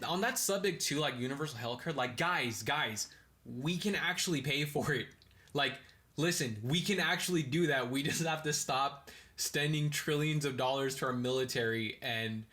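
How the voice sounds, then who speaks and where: A young man talks through a loose podcast monologue, scattered with "bro" and "dude" and plenty of swearing. He is high and keeps slipping into animated rants before drifting off topic again. His voice sits in an ordinary middle pitch for a man. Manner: slangy and profane, full of "bro" and "dude", rambling tangents; ranting, animated bursts. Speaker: podcast host. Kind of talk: casual rambling monologue.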